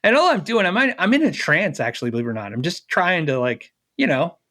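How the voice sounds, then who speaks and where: A middle-aged man being interviewed, telling a personal story in a lively way, acting out the dialogue and laughing often. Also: on the high side, fairly quick. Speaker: interview guest.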